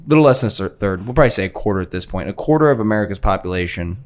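A man's voice: on the low side, expressive, racing. A man co-hosting a podcast, rambling through crude, joking banter with lots of restarts. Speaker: podcast co-host. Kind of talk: casual banter.

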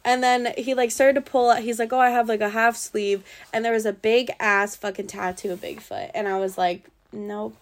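Hardly pausing, a woman with a voice on the high side keeps a steady tone at normal speed. She's a young podcast guest from the US Pacific Northwest, telling the host about a bad date in a rambling, casual way full of fillers and swearing.

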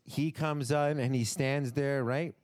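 A man's voice: medium pitch, a little slow. A man co-hosting a podcast, chatting casually and animatedly, swearing and acting out what others might say. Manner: animated, swearing, acts out quotes. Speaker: podcast co-host. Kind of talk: casual wrestling chat.

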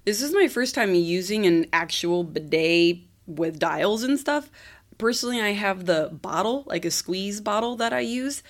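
A woman in her thirties hosting a podcast, hoarse and scratchy-throated from a cold, chatting casually and laughing often as she tells stories. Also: medium pitch, animated, normal speed. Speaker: podcast host.

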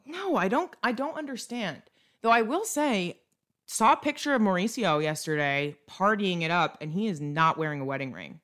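A woman's voice: mid-range voice, animated, moderate pace, fairly bright tone. A young woman co-hosting a podcast, chatting casually and ranting bluntly about celebrity gossip. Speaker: podcast co-host. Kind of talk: casual chat.

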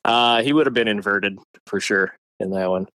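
A man's voice: on the low side, moderate pace, pushed and bright, dry recording. A man co-hosting a casual movie chat, laughing often and hedging with fillers. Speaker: podcast co-host.

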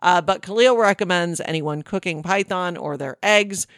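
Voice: mid-range voice, normal speed, fairly bright tone, no room sound, studio quality. A co-host reading out quirky local news stories in a casual, amused podcast chat. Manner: chatty, amused, many fillers and restarts.

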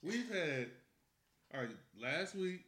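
A man's voice: sits high, expressive, takes it slowly, a bit bright. A man co-hosting a casual chat, joking and playful, swearing freely. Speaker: podcast co-host. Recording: echoey room with faint noise.

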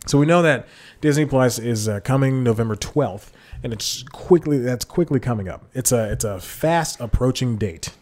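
A man hosts his own podcast solo, speaking into a desk mic with headphones on. His voice sits at a medium pitch with a darkish tone, and he moves at a moderate pace, rambling casually, chuckling at his own asides and often correcting himself.

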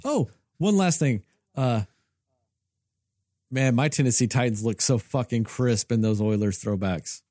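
A man's voice: medium pitch, measured pace, warm tone, no echo, studio quality. A man co-hosting a podcast in casual chat, ranting in a heated, profane way. He is from Texas. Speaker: podcast co-host.

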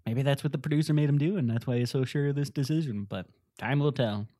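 A man's voice: mid-range voice, quick pace, warm tone, no echo, studio quality. A man hosting a podcast, casually and playfully sharing entertainment news tidbits. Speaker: podcast host. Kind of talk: casual chat.

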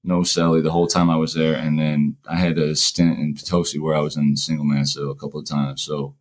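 A man, probably in his forties, casually tells prison stories in a very deep, level voice at a fairly quick clip. He acts out the dialogue and swears freely.

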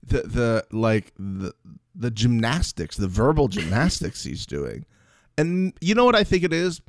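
Lively man podcasting, dry sound. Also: medium pitch, a little slow, dry recording. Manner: animated, slips into mimicking voices. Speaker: podcast co-host. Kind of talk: casual recap chat.

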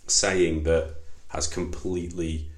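A man with a very deep, low voice co-hosts a relaxed podcast conversation. He chats easily with his friend, breaks into laughs and often restarts his sentences mid-thought. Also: slow pace, roomy sound. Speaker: podcast co-host. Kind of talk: casual chat.

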